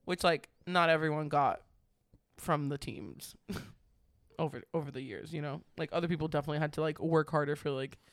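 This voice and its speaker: A woman's voice: low-pitched, moderate pace, no echo, clean studio sound. A young woman telling work stories in a casual chat, packed with "like" fillers. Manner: chatty, storytelling, heavy "like" filler.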